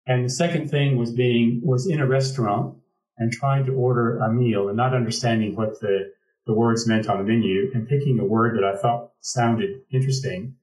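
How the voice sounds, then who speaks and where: A man's voice: medium pitch, fairly even intonation, normal speed, darkish tone, reverberant, far from the mic, poor audio. American man telling a story from afar. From Pacific Northwest, United States. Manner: reflective, with frequent restarts. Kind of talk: conversational storytelling.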